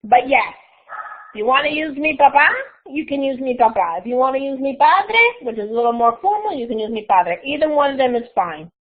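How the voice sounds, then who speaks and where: A woman's voice: high voice, very animated, brisk. A woman teaching a live online Spanish class, explaining patiently step by step. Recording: tinny phone-like audio.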